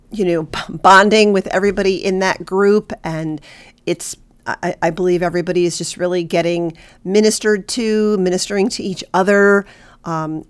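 A woman hosting a faith-based podcast, her voice stuffy and nasal as she recovers from illness, earnest and halting with many fillers. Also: lowish voice, clean tone. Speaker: podcast host.

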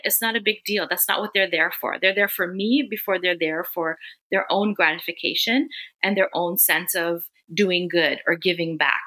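A middle-aged woman, a podcast guest, telling a personal story in an animated, conversational way. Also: mid-range voice. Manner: animated, acts out quoted people.

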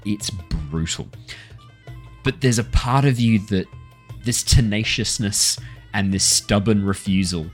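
A man narrating a tabletop game as game master, lively and laughing often. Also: fairly low pitch, slow, soft background music.

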